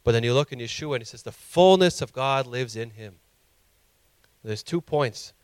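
A man's voice: mid-range voice, animated, normal speed, clear, resonant tone, no room sound. A male pastor preaching a sermon with impassioned emphasis that rises to emphatic peaks.

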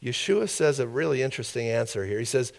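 A man's voice: medium pitch, lively intonation, fast talker, vocal fry. A man preaching a sermon in an informal, conversational way, with asides and questions to the congregation.

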